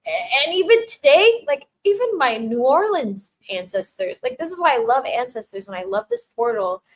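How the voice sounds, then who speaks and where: A woman's voice: sits high, very animated, normal speed, poor audio. Chatty, giggly woman hosting a livestream. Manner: chatty, laughs often, many filler "like"s and restarts; warmly thanks viewers reading chat. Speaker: livestream host answering chat. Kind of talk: casual chat.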